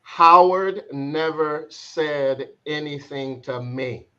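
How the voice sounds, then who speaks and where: Brief: male coach, mid-pitched, halting storyteller who acts out quotes, lightly muffled recording. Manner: reflective, halting, repeats words while searching for them. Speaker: transformation coach. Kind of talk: telling a personal story in an interview. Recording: slightly dull, muffled sound.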